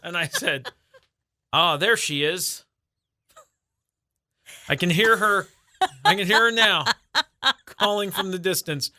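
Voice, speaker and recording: A man co-hosting a morning radio show, teasing his co-host in casual banter and mimicking her yells. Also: sits high, slow pace, long pauses, no echo, clean studio sound. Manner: teasing, mimics others with loud exaggerated yells.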